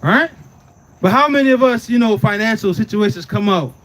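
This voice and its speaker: A man's voice: high voice, animated, brisk, fairly bright tone. A man teaching scripture in a casual preaching way, often asking "right?" and "you understand?" and telling the reader to read on. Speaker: Bible teacher.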